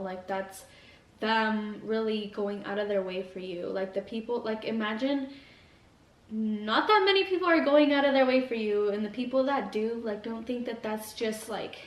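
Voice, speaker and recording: A young mukbang vlogger eats while giving a casual motivational chat, speaking earnestly and rambling with lots of "like." Her mid-range voice has a moderate pace, recorded in an echoey room with the mic at a distance.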